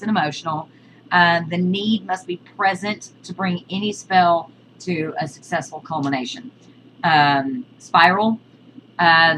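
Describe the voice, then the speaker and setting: A woman with a low-pitched yet bright, forceful voice teaches a casual video lesson. She explains terms in a halting way, listing examples one by one. A faint hum sits behind her. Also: poor audio. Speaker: witchcraft teacher.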